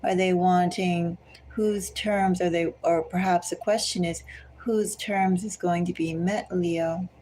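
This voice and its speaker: A woman giving a collective tarot reading, speaking slowly and deliberately and repeatedly addressing the listener by star sign. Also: fairly low pitch, fairly even intonation, warm tone, poor audio. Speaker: tarot reader.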